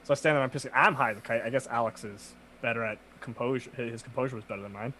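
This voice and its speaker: Young man, podcast co-host, casual storytelling, profane, animated, slight background hiss. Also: mid-range voice, rapid-fire, poor audio.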